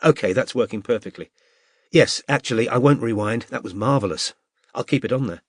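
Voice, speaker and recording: A poised young woman detective working undercover, her voice lifted and bright with polished middle-class manners, as a male narrator puts her on. An audiobook reading recorded dry and close, with no room around it. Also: medium pitch, brisk, no room sound, close to an everyday voice. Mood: bright, friendly.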